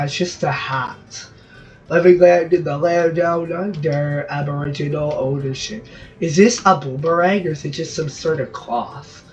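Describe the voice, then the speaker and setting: A fairly high-voiced man from Brazil rambles through gameplay commentary, cracking jokes and cutting himself off mid-thought. His voice sounds a little distant and dull, as if from a low-fi mic, and faint music plays underneath. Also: darkish tone. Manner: rambling, jokey, self-interrupting asides. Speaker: gaming channel host.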